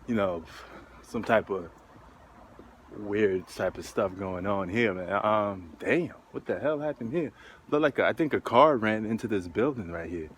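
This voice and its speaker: A man's voice: on the low side, unhurried, slight background noise. A man talking basketball while walking uphill outdoors, a little out of breath and rambling with lots of ums. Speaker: sports vlogger. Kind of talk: casual walking vlog.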